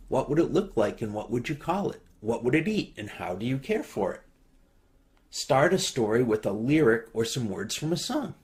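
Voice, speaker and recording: A man calmly reading out a list of writing prompts to a congregation at home. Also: mid-range voice.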